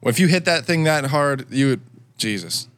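A man's voice: medium pitch, animated, moderate pace, a bit bright, dry recording. A man chatting casually while reacting to a movie, with sarcastic, laughing, swearing asides. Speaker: movie commentator.

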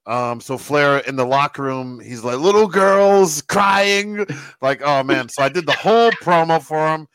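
Animated man telling a story, dry sound. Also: medium pitch, moderate pace, few pauses, clean tone, no room sound, rough recording. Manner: animated storyteller who quotes other people. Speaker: guest telling a backstage story. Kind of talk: casual anecdote.

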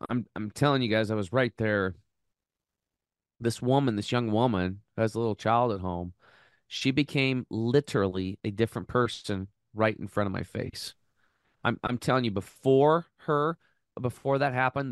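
A man hosting a health podcast, earnestly telling an emotional story in a close, animated way with many restarts. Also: medium pitch, smooth, no room sound. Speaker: podcast host.

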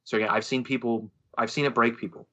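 A man on a podcast telling a story in a lively, casual way, swearing and acting out what others said. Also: medium pitch, quick pace, lo-fi sound. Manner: animated storyteller, swears freely, acts out quoted voices. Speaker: podcast co-host, musician.

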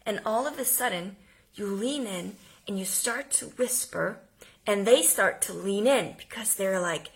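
A woman giving an energetic homeschooling lesson, speaking emphatically and now and then dropping to a whisper. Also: medium pitch, measured pace. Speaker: homeschooling teacher. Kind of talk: instructional talk.

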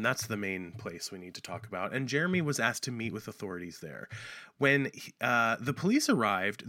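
A man's voice: medium pitch, pushed and bright, no room sound, studio quality. A man co-hosting a podcast, reading case notes aloud and joking with his co-host in a casual chat. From United States.

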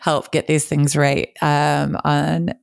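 Low-voiced woman co-hosting a podcast. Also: little pitch movement, slow pace, gravelly, smooth, dry recording, studio quality. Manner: thoughtful, hesitant, laughs often. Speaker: podcast co-host. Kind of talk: casual chat.

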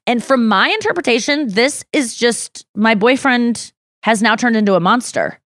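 A woman's voice: on the high side, normal speed, no echo, clean studio sound. A woman co-hosting a podcast, telling a story in casual chat with lots of "like" fillers. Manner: animated storytelling, many "like" fillers. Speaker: podcast co-host.

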